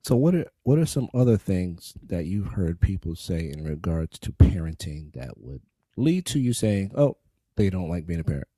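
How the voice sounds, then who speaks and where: Laid-back low-voiced man joking. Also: sing-song, normal speed, dark tone, breathy edge, dry recording, studio quality. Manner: laid-back, joking, laughs while telling stories. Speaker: podcast co-host. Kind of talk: casual chat.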